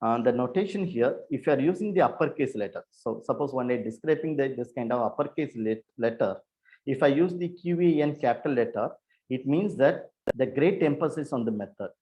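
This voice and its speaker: Halting man lecturing online. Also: mid-range voice, animated, a little mellow. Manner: halting, repetitive explaining with frequent self-corrections. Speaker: university lecturer. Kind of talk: online lecture on research methods.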